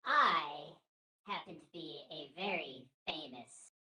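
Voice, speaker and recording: Low-voiced woman player pitching. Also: animated, takes it slowly, heavy background noise. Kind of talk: in-character pitch at a tabletop game.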